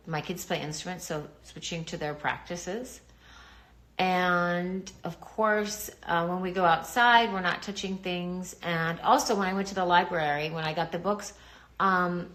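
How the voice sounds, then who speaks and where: A middle-aged woman talks straight to her viewers on a live stream. Her voice sits a little low, and her delivery is chatty, reassuring and informal. It sounds like it is picked up by a phone or laptop mic. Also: fairly bright tone. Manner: chatty, reassuring, greets commenters. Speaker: livestream host talking to viewers. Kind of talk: casual live-stream chat.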